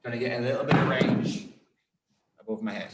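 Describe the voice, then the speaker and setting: A man's voice: medium pitch, fairly even intonation, a little fast, roomy sound, heavy background noise. A man coaching a group weightlifting class, calling out positions and counting down holds with encouragement. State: out of breath. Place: gym.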